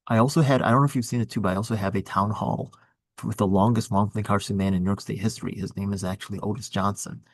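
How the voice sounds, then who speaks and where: Low-voiced man in rambling political talk. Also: fairly even intonation, very fast, no room sound. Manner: rambling, earnest, many restarts. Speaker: political candidate. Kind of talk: casual political chat.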